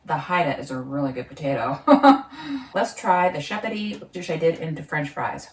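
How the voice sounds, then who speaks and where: In her home kitchen, a woman who runs a market garden records a casual vlog, musing aloud, laughing often and chatting between bites. She speaks briskly and with animation in a low-pitched voice, heard through a distant mic in a roomy space.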